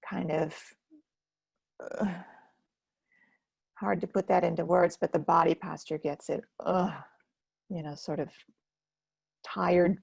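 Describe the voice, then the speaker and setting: Running a live self-care webinar, a woman reads the chat aloud as she goes, speaking slowly and gently and often dropping to a soft near-whisper. Her lowish voice is husky and gravelly, captured dry and close on a computer mic with no room sound.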